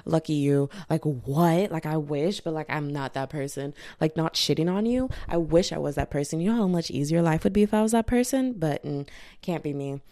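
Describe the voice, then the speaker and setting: A woman's voice: deep voice, moderate pace, mellow, dry recording, clean studio sound. A woman in her twenties talking bluntly and animatedly in a casual confessional monologue, swearing freely. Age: 20s.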